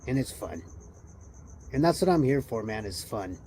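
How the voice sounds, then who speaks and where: Tired man musing aloud, mellow voice. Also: mid-range voice, very animated, normal speed, a little hiss or hum. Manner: loose, musing, wandering talk with rhetorical questions. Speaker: livestream host. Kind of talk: rambling casual livestream chat.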